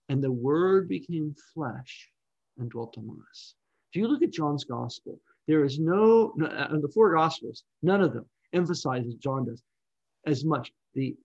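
A man's voice: on the high side, vocal fry, darkish tone, dull audio. A man teaching a Bible study lecture, explaining in a conversational, unscripted way with restarts and asides.

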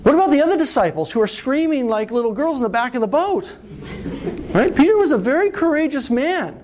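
Middle-aged male preacher, high lively voice, storytelling sermon, faint background ambience. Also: a little fast, slight background noise. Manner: animated storytelling, asks "right?".

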